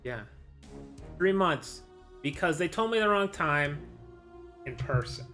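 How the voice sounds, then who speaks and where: A man's voice: on the high side, lively intonation, takes it slowly, sharp tone, faint music behind. A man venting in a casual vlog, rambling and frustrated, with lots of restarts and quoted back-and-forth. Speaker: vlogger.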